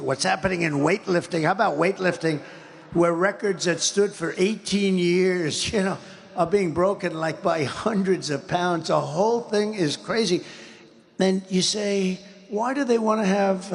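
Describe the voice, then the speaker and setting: A man's voice: on the high side, creaky, in a large hall. An older man giving an interview, talking in an emphatic, repetitive, rambling way. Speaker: interview guest. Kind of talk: interview conversation.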